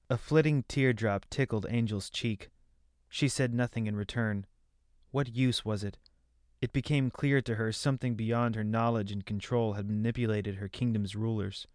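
A man's voice: lowish voice, fairly even intonation, moderate pace, darkish tone, no echo, clean studio sound. Man narrating a fantasy story. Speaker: audiobook narrator.

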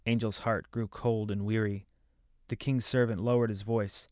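A man reading a fantasy novel aloud as narrator, in measured storytelling. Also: fairly low pitch, flat delivery, a little mellow, no room sound, clean studio sound. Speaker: audiobook narrator.

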